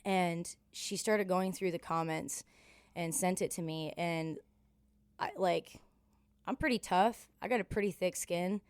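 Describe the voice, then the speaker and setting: A woman's voice: on the low side, measured pace, smooth, no echo. A woman from Canada in her thirties, a singer telling road stories in a casual interview, candid and profane, acting out the voices in her stories. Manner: candid, profane, animated in quoted dialogue. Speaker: country singer, podcast guest.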